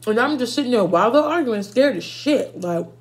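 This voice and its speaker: A young woman vlogger telling a storytime with lively, profane chatter aimed straight at her viewers. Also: on the high side, a little fast. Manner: animated, profane, talks to viewers as y'all. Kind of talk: casual storytime while eating.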